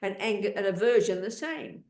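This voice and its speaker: An older woman's expressive, mid-range voice, slightly mellow and at a moderate pace, delivers Buddhist teaching in a Q&A format. She is blunt and emphatic, interrupting her student with questions and speaking over him, and the recording carries a roomy echo.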